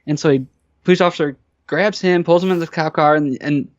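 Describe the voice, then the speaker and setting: A man's voice: on the high side, fast talker, no echo, muffled recording. A man telling stories as a podcast guest, casual and rambling, with lots of fillers and restarts. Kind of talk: casual storytelling.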